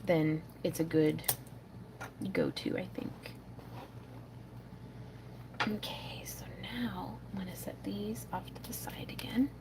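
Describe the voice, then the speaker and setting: A middle-aged woman hosting a crafting livestream, chatting casually and muttering soft asides to herself while she works. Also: fairly low pitch, slow, pauses often, whispered.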